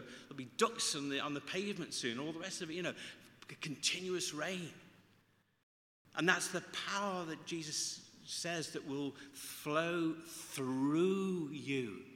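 A man's voice: on the high side, bright, forceful tone. A man preaching a sermon, earnest and emphatic, often restarting his sentences. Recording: echoey hall reverb.

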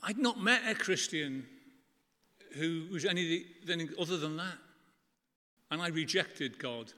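A middle-aged man preaching a sermon to a church congregation, earnest and conversational, with emphatic pauses. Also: on the high side, animated, pushed and bright. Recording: long church reverb.

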